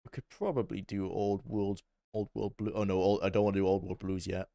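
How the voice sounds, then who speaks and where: Low-voiced Welsh man streaming games. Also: little pitch movement, dark tone, dry recording, studio quality. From Wales. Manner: chatty, barks quick orders at his squad. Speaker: livestreamer. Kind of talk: live gameplay commentary.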